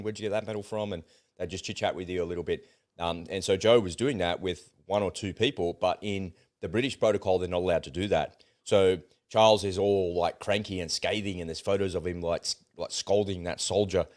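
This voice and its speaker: A man's voice: low-pitched, a little mellow. A man co-hosting a casual political chat, blunt and exasperated, swearing as he rants. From Australia. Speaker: co-host.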